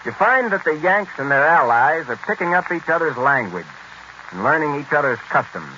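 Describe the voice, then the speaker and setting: A man narrating in a brisk, explanatory way, in a 1940s radio documentary. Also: a little high, sing-song, pushed and bright, slight background noise. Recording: dull lo-fi 1940s radio recording.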